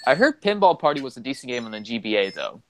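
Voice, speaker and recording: A man's voice: mid-range voice, big pitch swings, fast, slight background noise, low-quality recording. A man co-hosting a casual gaming chat, rambling through game trivia with lots of fillers. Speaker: co-host.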